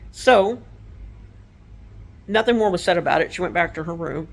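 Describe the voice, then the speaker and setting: Middle-aged woman from Texas, casual spooky storyteller, a touch of fry, keeps circling back and correcting herself. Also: on the low side, expressive, moderate pace. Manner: rambling, self-correcting, conversational.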